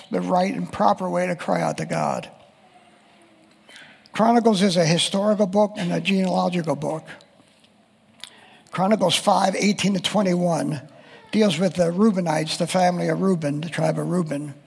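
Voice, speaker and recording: Preacher, male, high pitched and husky, reading scripture in an echoing hall. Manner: reads scripture aloud and quotes voices of the text. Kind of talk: sermon.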